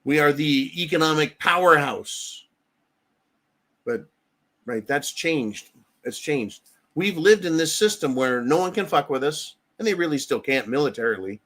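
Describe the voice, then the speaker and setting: An American man hosts a live talk stream, with a voice pitched a little above the usual male range. He talks bluntly, swears freely and keeps checking in with "right?". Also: animated, a little slow, fairly bright tone. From United States. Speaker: livestream host. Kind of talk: casual political commentary.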